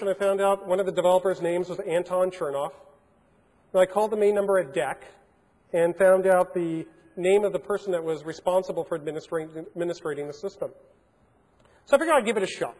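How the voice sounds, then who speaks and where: A man giving a storytelling keynote talk to a conference, animated, with frequent restarts. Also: high-pitched, fast talker. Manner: animated, acts out phone calls in changed voices, frequent restarts. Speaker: keynote speaker. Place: large conference hall. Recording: long hall reverb.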